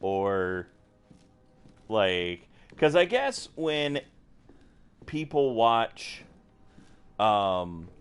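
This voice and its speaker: A man's voice: lowish voice, sing-song, drawn-out words, pauses often, smooth. A young American man streaming a game, chatting casually and rambling with lots of fillers and restarts. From United States. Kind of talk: casual gameplay chat.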